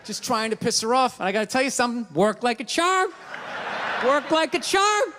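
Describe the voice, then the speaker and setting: A man's voice: very high-pitched, animated, quick pace, a crowd in the background. A man performing a live stand-up routine, ranting and exasperated, with lots of profanity. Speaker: stand-up comedian. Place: large comedy venue. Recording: reverberant live venue with audience. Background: audience noise and laughter.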